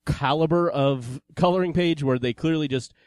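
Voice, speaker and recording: A man co-hosting a podcast, speaking in a measured, hesitant way with many ums and uhs as he tells stories. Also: fairly high pitch, a little mellow, clean tone, no room sound. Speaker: podcast co-host. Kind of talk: casual chat.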